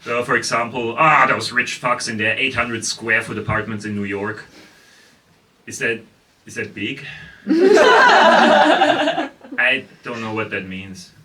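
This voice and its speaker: A man's voice: fairly low pitch, fairly even intonation, normal speed, far from the mic, background noise. A man with a German accent doing a stand-up comedy set with sardonic, mock-incredulous asides. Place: basement comedy club stage.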